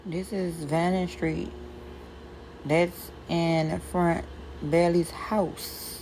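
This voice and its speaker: A woman with a New Orleans accent calmly walking through a route step by step. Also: on the low side, drawn-out words, a little hiss or hum, rough recording. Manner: plain, step-by-step describing. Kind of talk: slow route narration.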